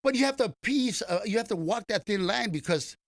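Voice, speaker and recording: Man, older, gravelly, rambling storyteller, dry close sound. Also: high-pitched, animated, a little fast, no room sound. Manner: rambling, many restarts and fillers. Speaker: comedian guest. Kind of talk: casual storytelling interview.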